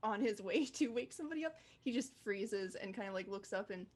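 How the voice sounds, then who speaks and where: A woman's voice: mid-range voice, expressive, a little fast, darkish tone. A woman playing a tabletop game on a livestream, describing her character casually with laughing asides. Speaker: player.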